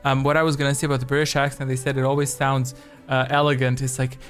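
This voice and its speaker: A man's voice: medium pitch, little pitch movement, fast talker, soft background music. A man hosting a live-stream quiz game, rambling chattily between questions with jokey asides. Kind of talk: casual live-stream chat.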